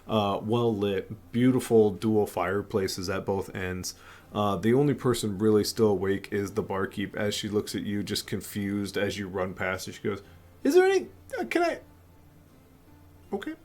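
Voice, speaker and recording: A man narrating as game master of a tabletop game, casual and full of "uh" fillers. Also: lowish voice.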